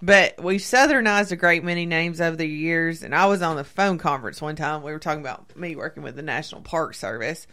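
A woman's voice: low-pitched, a little fast, hardly any pauses, bright, forceful tone. A woman with a thick Tennessee Southern accent, a talk show guest chatting and telling stories with frequent laughter. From Middle Tennessee. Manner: chatty storyteller, laughs often. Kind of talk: casual chat.

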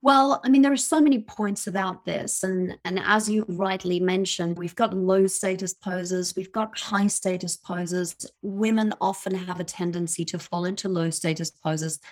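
A woman's voice: fairly low pitch, steady tone, normal speed, hardly any pauses. A woman giving confident, emphatic expert advice as a guest in a podcast interview, laughing now and then at her own points. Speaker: communication coach, guest.

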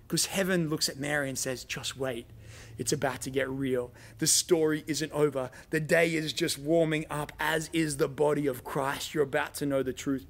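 Gravelly-voiced man preaching a sermon. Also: medium pitch. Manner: dramatic storytelling, voicing quoted lines. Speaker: pastor.

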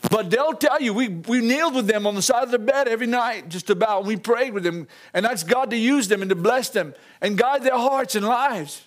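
A man's voice: very high voice, a little fast, hardly any pauses. An older man preaching a folksy sermon, chuckling often and calling out to the congregation.

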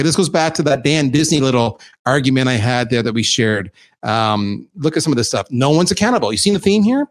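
Male presenter, lively pitch swings, fairly high voice, casual and emphatic delivery through slides. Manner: animated, informal, emphatic. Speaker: chief revenue officer presenting slides. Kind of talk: conversational business presentation.

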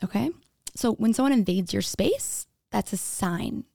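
A woman's voice: mid-range voice, animated, measured pace, vocal fry, a little mellow, no room sound, clean studio sound. A young woman candidly telling her own story in a casual way, acting out what others said. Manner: candid, frequent "like", acts out quoted dialogue.

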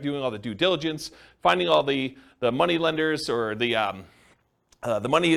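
A man's voice: a little high, gravelly, fairly bright tone. A man giving a conversational classroom lecture on real estate partnerships, checking in with his listeners and using many fillers. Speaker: real estate investing instructor.

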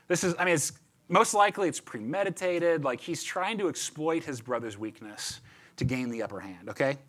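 A man's voice: mid-range voice, a bit bright. A man giving a chatty, conversational sermon as a pastor, often repeating words and checking in with "right?".

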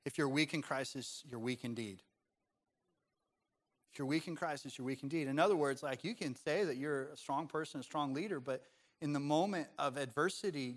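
A male pastor preaching a sermon in a conversational, animated style with humor, then turning quiet and measured to make his point. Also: a little high.

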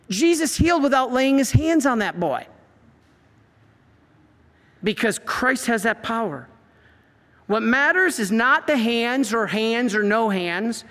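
Man, priest, lively preaching, very high pitch, long hall reverb. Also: normal speed. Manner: animated storyteller, acts out quotes. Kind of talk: preaching talk.

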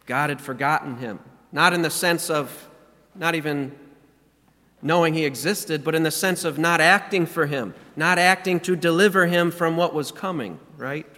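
A man's voice: on the high side, moderate pace, bright, forceful tone, big-room sound. A man preaching a sermon as pastor, earnest and emphatic, reading scripture aloud and stressing key words. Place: church sanctuary.

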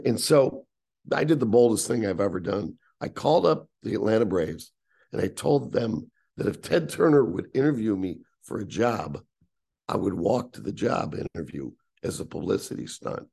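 A man's voice: fairly low pitch, sing-song, normal speed, creaky, dark tone, slightly rough. A man in his sixties, a guest telling a long personal story in conversation, acting out the voices of the people in it. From United States. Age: 60s.

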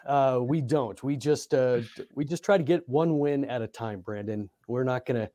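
A man's voice: medium pitch, moderate pace, mellow, dry recording. A middle-aged man, a basketball coach, co-hosting a casual sports podcast with a laid-back, laughing manner.

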